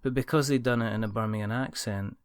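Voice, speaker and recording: A man's voice: mid-range voice, fairly even intonation, quick pace. A man hosting a podcast, chatty and telling stories in casual conversation. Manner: chatty, storytelling, laughs at own impressions. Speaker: podcast host. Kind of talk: casual chat.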